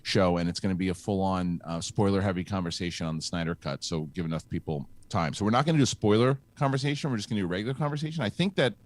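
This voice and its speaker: A middle-aged man hosts a casual talk show in a fairly low voice. He tells stories in a halting, rambling way, full of restarts and repeated words. The sound is dry and close. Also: dry recording. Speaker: host. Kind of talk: casual chat.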